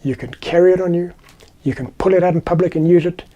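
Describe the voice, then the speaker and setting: A man's voice: high-pitched, fast, warm tone, voice pushed up. A man with a South African accent playing a stern male police officer, firmly laying down the rules in a retold story.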